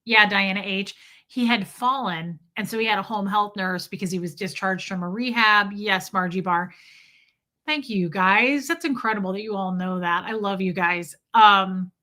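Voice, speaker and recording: A young woman hosts a livestream and tells a long personal story in an easy, chatty way. She keeps stopping to answer her viewers' comments before picking the story back up. Her voice is bright and sharp. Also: medium pitch, moderate pace. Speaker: livestream host. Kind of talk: casual storytelling to a live chat.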